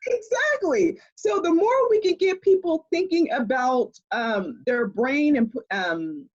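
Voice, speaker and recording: A woman speaking as an expert guest in a conversational interview, explaining in an animated way and laughing often, heard over a video call. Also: high-pitched, takes it slowly, dull audio.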